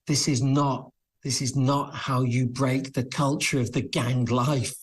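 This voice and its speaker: A man appearing as a criminal lawyer guest on a TV talk show, arguing his point in an earnest, measured way. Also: medium pitch, little pitch movement. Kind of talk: TV studio debate.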